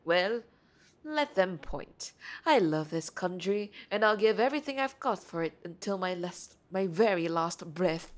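A woman voicing an idealistic blond foreign man, reading his game lines in a calm, earnest, slightly lowered voice. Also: measured pace.

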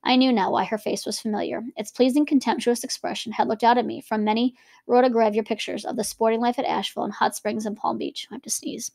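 A young woman reading a novel aloud and breaking off now and then for chatty, lively comments about it. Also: on the high side, fast, vocal fry, no room sound, studio quality. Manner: lively, switching between reading and chatty asides. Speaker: reader and teacher.

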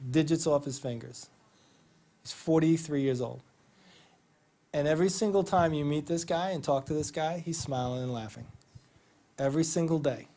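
A man's voice: on the high side, a little mellow. A man presenting a physical therapy training to an audience in a theater, conversational and enthusiastic, telling stories with quoted dialogue. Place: theater stage.

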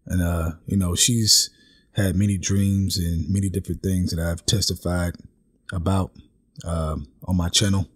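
Low husky guy telling a testimony, earnest, keeps saying okay and man. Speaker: religious vlogger giving a testimony. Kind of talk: casual spoken testimony.

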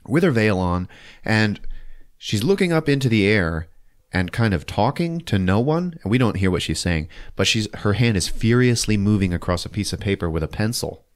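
A man with a lowish voice and moderate pace hosts a podcast, recapping a film in a comic way. His storytelling is animated, full of laughter and profanity.

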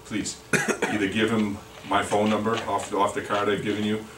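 This sales representative has a lowish voice with completely flat delivery and a moderate pace. Giving a product training talk at a lunch meeting, he rambles with frequent repetitions and restarts, recorded distantly in an echoey room with faint noise.

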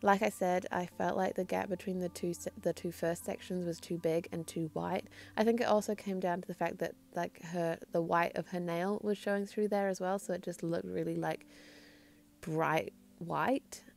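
A woman's voice: lowish voice, steady tone, moderate pace, vocal fry, darkish tone. A woman whose accent drifts between New Zealand and English, talking through her nail art in a rambling, hesitant, self-deprecating voice-over. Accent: mix of New Zealand and English. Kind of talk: casual voice-over tutorial.

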